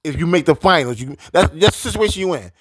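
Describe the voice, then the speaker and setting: A man's voice: on the high side, expressive, quick pace, noisy background. A man giving a casual, heated sports opinion rant. He repeats his points with emphasis. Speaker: sports commentator.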